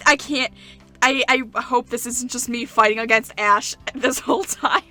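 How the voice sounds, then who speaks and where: Bright-voiced woman doing a let's play, excitable, curses a lot, gets loud, game music faint behind. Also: fairly high pitch, slow. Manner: excitable, swears freely, sudden loud outbursts. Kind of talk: gaming commentary.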